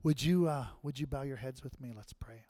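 A medium-pitched, mellow male voice moves a little fast through a church sermon. The preacher talks like he's in conversation, repeatedly asking the crowd "right?", then closes by leading a prayer.

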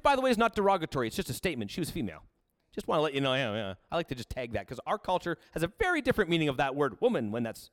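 A man's voice: a little high, a bit bright, no room sound, clean studio sound. A man preaching a sermon with casual, joking asides as he reads and explains scripture. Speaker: pastor.

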